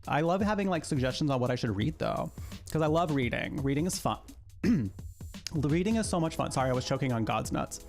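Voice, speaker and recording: A man's voice: mid-range voice, brisk, faint music behind. A young man streaming, chatting casually and joking as he reacts to a video. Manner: animated, giggly, jokey asides.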